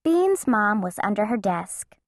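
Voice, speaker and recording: A woman narrating a children's storybook in an expressive, playful way. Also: medium pitch, a little slow, dry recording, clean studio sound. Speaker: audiobook narrator.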